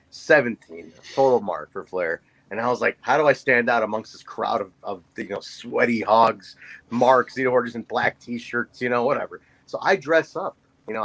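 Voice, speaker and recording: Animated man telling a story. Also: medium pitch, a little hiss or hum, rough recording. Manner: animated storyteller who acts out voices. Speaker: podcast co-host. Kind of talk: casual storytelling chat.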